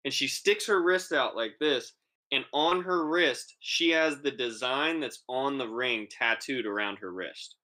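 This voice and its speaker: A young man with a bright, clear voice co-hosts a podcast and tells a sprawling story in loose, casual chat. He swears freely and acts out the people in the story as he goes. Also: mid-range voice, a little slow. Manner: animated, profane, acts out quoted voices. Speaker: podcast co-host.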